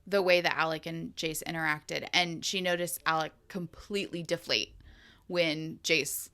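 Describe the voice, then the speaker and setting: A young woman with a bright, clear voice recaps a novel on a podcast with friends. She talks in animated bursts, laughing a lot and swearing casually. Her tone is loose and chatty. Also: low voice, normal speed. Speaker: podcast co-host.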